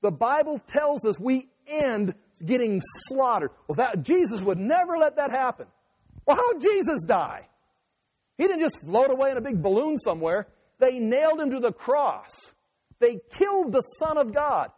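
Impassioned preacher in an echoey hall. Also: male voice, very high-pitched, very animated, normal speed, darkish tone. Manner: impassioned, emphatic, mimics opponents' voices. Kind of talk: sermon.

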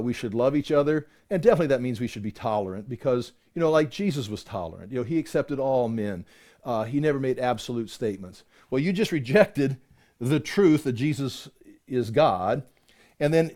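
A man's voice: mid-range voice, lively intonation, fairly quick, darkish tone. A man preaching a conversational Bible-teaching sermon, often repeating and restarting words and building to emphatic peaks. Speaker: pastor teaching a Bible passage.

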